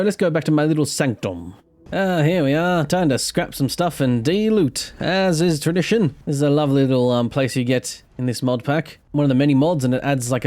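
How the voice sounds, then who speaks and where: A man chats his way through a game session in a relaxed commentary voice. He slips into playful, theatrical asides, and his pitch sits in the ordinary middle range. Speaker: gaming YouTuber. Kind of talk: casual gameplay commentary.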